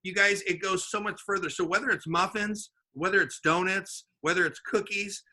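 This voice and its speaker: A man's voice: sits high, normal speed. A man telling a sales story in casual chat, acting out the voices of the people in it. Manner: animated, acts out voices in his story. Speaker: sales guest.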